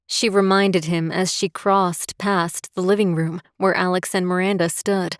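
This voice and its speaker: A woman narrating a romantic suspense audiobook in a steady, measured way. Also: fairly low pitch, smooth, no echo, studio quality. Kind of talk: scripted narration.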